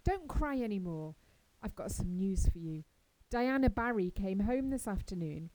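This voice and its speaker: Stern older lady guardian, brisk and scolding, mellow tone, a woman reading her. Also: medium pitch, expressive, no room sound, natural voice, low-quality recording.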